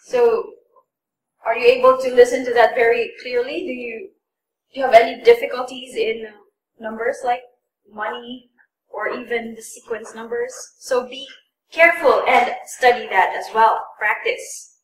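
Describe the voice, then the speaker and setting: Heard from a distance in an echoey room with slight background noise, a woman English test tutor leads a classroom lesson. Her voice is a little high and steady at a normal pace, and she patiently repeats and stresses words for her learners.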